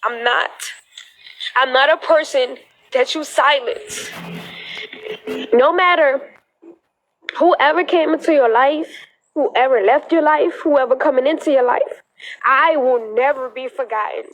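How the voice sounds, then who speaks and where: High-pitched young woman crying thru a phone live, defiant and repeating herself. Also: a little slow, pauses often, poor audio. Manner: emphatic, repetitive, defiant. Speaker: social media livestreamer. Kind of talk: emotional livestream monologue.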